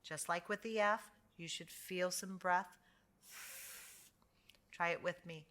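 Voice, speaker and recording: An American woman teaching English pronunciation, drawing out sounds slowly and praising each try. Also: on the low side, fairly even intonation, pushed and bright. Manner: slow, patient, drawn-out sounds for repetition; encouraging praise after each drill. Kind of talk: slow phonics lesson.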